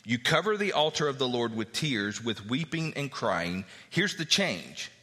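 A man's voice: medium pitch, very animated, unhurried, bright, forceful tone, in a large hall. A male pastor preaching a sermon, reading verses aloud and explaining them in a conversational way.

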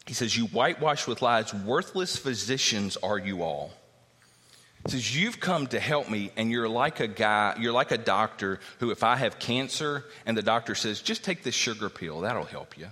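Guy preaching, bright lively voice, big echoey hall. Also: mid-range voice, moderate pace. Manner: animated, conversational, acts out quoted voices. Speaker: pastor. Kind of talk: sermon. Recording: long hall reverb.

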